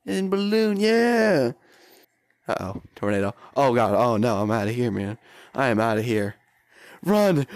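A young man giving playful, excitable commentary while playing a VR game, often shouting and exclaiming. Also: mid-range voice, moderate pace, no echo, clean studio sound. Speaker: gaming YouTuber.

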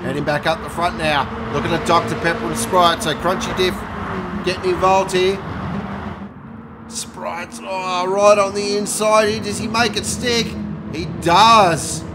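A man commentating a sim race, joking and bursting out loud at each incident. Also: high voice, little pitch movement, measured pace. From Australia. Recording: noisy with engine sound behind.

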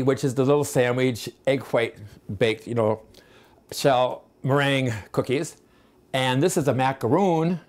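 A man hosting a home cooking show, talking in a rambling, chatty way full of asides. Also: fairly high pitch.

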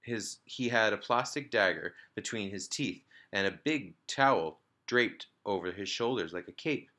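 A man, a teacher, reading a children's book aloud to his class in a lively storytelling manner. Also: lowish voice, a little slow. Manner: lively storytelling, small slips and restarts.

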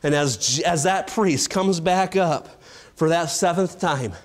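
High-voiced preacher man with dramatic swings. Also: slow pace. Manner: dramatic revival preaching, builds to shouts then drops low. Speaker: evangelist preaching. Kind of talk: sermon.

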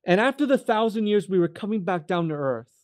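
A young man with a high, light voice tells his faith testimony as a guest. He talks animatedly and acts out the people in his story. The sound is close and dry, with no room echo. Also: a little fast. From California. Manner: animated, acts out quoted voices, addresses the host by name often.

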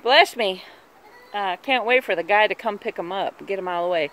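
A woman's voice: medium pitch, fairly quick, fairly bright tone. A middle-aged woman chatting casually as she films her backyard chickens. She laughs often and coos at the hens in a sing-song voice, talking into a handheld phone camera outdoors. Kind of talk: casual chat while filming. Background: faint clucking chickens.

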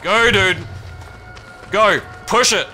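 Man, live horror game commentary, high voice, jumpy, swears, yelps, game music behind. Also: takes it slowly. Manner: jumpy, swears a lot, yells in panic. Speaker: streamer. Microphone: streaming mic.

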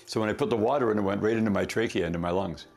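A man's voice: lowish voice, very fast, gravelly, a little mellow. A man, a company founder, telling a rambling story in a casual interview, correcting himself often and laughing.

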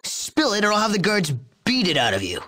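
A man's voice: high-pitched, wildly swooping pitch, brisk, pushed and bright, exaggerated voice. An actor playing an arrogant, crude young male drug chemist in a video game, boastful and mocking. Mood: sneering. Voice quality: sneering, profane. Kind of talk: game dialogue.

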